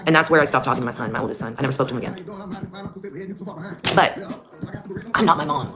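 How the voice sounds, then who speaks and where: Woman, mother telling her own story, blunt, heavy swearing, heated, deep voice. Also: fast. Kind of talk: personal storytelling. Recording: clear music behind the voice. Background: music.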